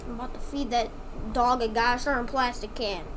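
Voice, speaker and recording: A woman's voice: on the high side, steady tone, moderate pace, fairly bright tone. A young woman co-hosting a casual podcast, telling blunt, exasperated stories full of slang. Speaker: podcast co-host. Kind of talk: casual chat. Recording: noisy home recording.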